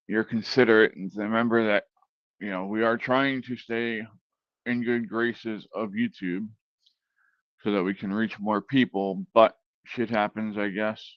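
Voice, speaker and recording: A man's voice: on the low side, moderate pace, dry recording. A man hosting a live stream, chatting casually with viewers and putting on an over-enunciated radio voice. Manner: relaxed, chatty, greets chatters by name. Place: home room with cats. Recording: dull, dry home mic sound.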